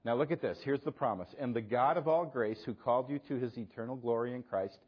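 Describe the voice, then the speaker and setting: A man preaching a sermon, asking rhetorical questions and swinging between loud emphasis and hushed, quiet lines. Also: medium pitch, fast talker, husky, highs cut off. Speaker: pastor.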